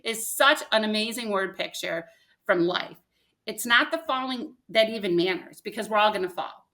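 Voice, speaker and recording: With a medium pitch and moderate pace, an older woman guesting on a podcast tells a personal story. She's animated throughout and acts out the things people said.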